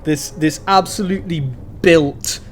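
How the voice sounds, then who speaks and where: A man narrating as game master of a tabletop game, talking in a rambling way with many pauses and restarts, over an online voice call. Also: fairly high pitch, a little hiss or hum.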